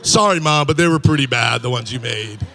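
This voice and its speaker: A man's voice: medium pitch, a little fast, bright, forceful tone. A middle-aged man doing a stand-up comedy set on a club stage, rambling loosely and chuckling at his own punchlines.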